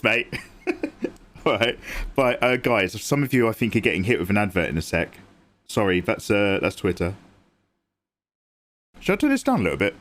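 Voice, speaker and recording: A young English artist streams live as he draws, his medium-pitched voice a bit bright. In a chatty way, he reads and answers the chat and describes what he's doing as he works.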